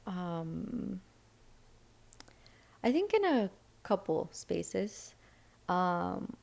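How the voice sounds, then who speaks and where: A young woman from Seattle chatting as a podcast guest, with a voice pitched right in the middle for a woman. She tells her story with lively energy. When she quotes other people, she jumps up into a higher voice. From Seattle, United States. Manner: animated storyteller, acts out quoted voices with sudden high pitch. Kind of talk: casual storytelling chat.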